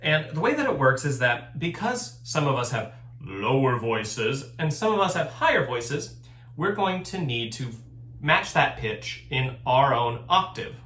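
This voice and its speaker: A man's voice: medium pitch, very animated, measured pace, a bit bright. Man teaching a choir lesson, echoey room. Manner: patient, step-by-step instruction with sung examples. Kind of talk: recorded music lesson.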